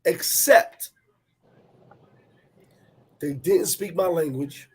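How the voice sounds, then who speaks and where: A man telling a personal travel story in animated, profane street talk, repeating words as he goes. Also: on the high side, extremely slow, husky. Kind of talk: casual storytelling chat.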